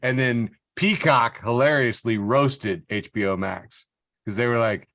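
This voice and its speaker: A man's voice: medium pitch, a little slow, fairly bright tone, dry recording, studio quality. A man hosting a podcast in casual chat, joking, laughing and reading out social media posts. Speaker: podcast host.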